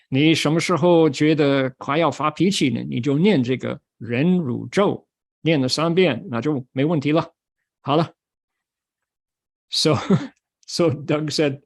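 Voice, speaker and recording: Older monk telling a story. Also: male voice, on the high side, normal speed. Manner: switches between Mandarin and English, acts out quoted voices. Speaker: Buddhist monk giving a Dharma talk. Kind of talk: storytelling talk.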